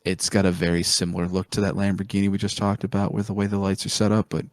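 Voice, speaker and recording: A fast-talking man with a low, monotone, darkish voice co-hosts a podcast, heard without echo. His casual, enthusiastic car talk wanders and is full of swearing.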